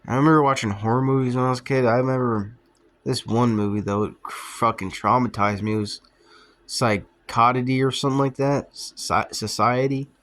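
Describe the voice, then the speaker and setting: A man's voice: medium pitch, fairly even intonation, fairly quick, fairly bright tone. A young man telling childhood stories in a loose, rambling, profane way, often laughing at himself. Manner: profane, offhand, laughs at his own stories. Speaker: vlogger. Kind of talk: rambling casual storytelling.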